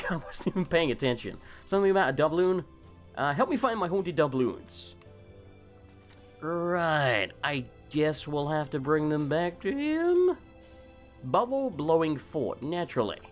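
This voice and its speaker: A man narrating his gameplay in a loose, sarcastic way, swearing and arguing with the characters on screen. He is getting over a cold, and his pitch swings widely and animatedly. Faint game music runs underneath. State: recovering from a cold. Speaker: gaming channel host. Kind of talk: casual let's play commentary.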